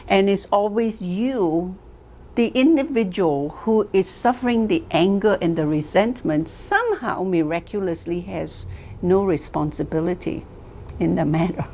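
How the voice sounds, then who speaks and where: A woman teaching a class, telling stories slowly and deliberately, asking rhetorical questions and repeating phrases for emphasis. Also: fairly low pitch, animated, a little mellow, slight background noise. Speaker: wellness teacher. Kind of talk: lecture to a class.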